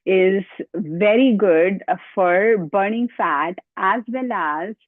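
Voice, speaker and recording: A woman yoga teacher talks slowly and steadily, guiding each move and counting the reps aloud, sometimes short of breath. Her voice comes through a thin, phone-like band with a dry, close sound. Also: medium pitch, dry recording. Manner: counts repetitions aloud, gives step-by-step cues. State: out of breath at times. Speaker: yoga instructor. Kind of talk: guided exercise instruction.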